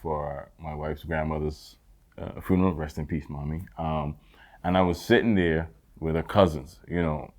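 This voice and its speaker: A man's voice: a bass voice, fairly even intonation, moderate pace, darkish tone. A man from the Caribbean co-hosting a podcast, chatting in an easygoing, reflective way and agreeing often with his guest. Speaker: podcast co-host. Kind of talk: casual chat.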